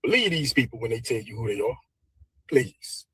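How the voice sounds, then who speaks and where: A man's voice: mid-range voice, very animated, moderate pace, fairly bright tone, husky, no room sound. A man giving opinionated news commentary in a pleading, preachy manner. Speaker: co-host.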